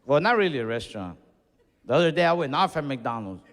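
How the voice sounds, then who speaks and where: Laid-back stand-up comic, reverberant hall. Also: male voice, mid-range voice, sing-song, fast talker, fairly bright tone. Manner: laid-back storytelling, acting out his own outbursts. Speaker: stand-up comedian. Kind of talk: stand-up comedy set. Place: comedy venue, large hall. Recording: live hall reverb, faint crowd ambience.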